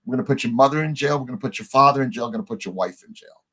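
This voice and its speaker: A middle-aged man, a podcast guest, telling a story in a lively way, acting out the lines of the people in it and swearing casually. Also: mid-range voice, rapid-fire, breathy edge. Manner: animated storyteller, acts out quoted dialogue, swears casually.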